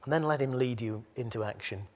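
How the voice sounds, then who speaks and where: Addressing his congregation head-on, a male preacher with a medium voice and a fairly quick delivery moves from soft, reflective musing to a loud, rousing call that builds in force as he spurs the gathering on.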